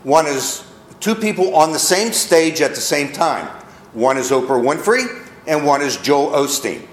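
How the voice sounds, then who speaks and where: A male pastor preaches slowly, his pitch climbing and falling with emphasis. His voice sits a little high for a man. The room adds a clear echo around him. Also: lively intonation. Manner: preaching with rising emphasis, mocking quotes. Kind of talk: sermon. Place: church.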